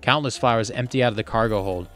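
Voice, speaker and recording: A man's voice: medium pitch, fast, a bit bright, soft background music. A man reading a film script aloud for comedy, playing each part in nearly the same voice and breaking into mock panic now and then. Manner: reads every part in a barely changed voice with bursts of mock panic. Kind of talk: comic script read-through.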